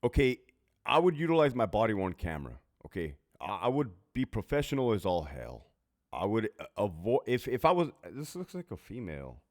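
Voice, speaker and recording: A middle-aged man chats casually and bluntly, swearing freely and laughing at himself. His voice sits low but swings widely in pitch, animated as he tells stories from his prison job. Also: fairly quick. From California. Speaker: former prison officer answering viewer questions. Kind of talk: casual Q&A chat.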